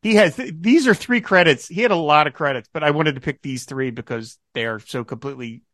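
A man's voice: on the high side, a little fast, a bit bright, dry recording. Chatty man with a dry close sound. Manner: chatty, laughs often, reads out quotes. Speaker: podcast host. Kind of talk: casual podcast chat.

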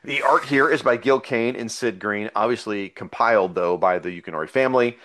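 A man's voice: medium pitch, fairly quick, a bit bright. Chatty man hosting a comics podcast. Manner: rambling, enthusiastic, with many fillers and restarts. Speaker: podcast host. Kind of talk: casual podcast chat.

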